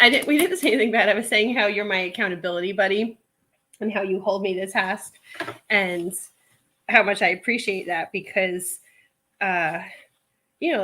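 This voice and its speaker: A woman's voice: mid-range voice, sharp tone. Chatty woman rambling through a live stream. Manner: chatty and rambling, with many "like" fillers. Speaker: online reseller hosting a live stream. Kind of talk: casual live-stream chat while sorting items. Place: at home, sorting a pile of clothes.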